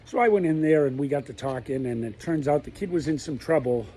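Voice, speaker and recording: A man's voice: a little high, fairly quick, mellow, slight background noise, rough recording. Blunt, folksy middle-aged man rambling. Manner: candid, folksy, talks in plain blunt words. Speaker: vlogger. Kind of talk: rambling personal monologue. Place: outdoors, walking around his backyard pool.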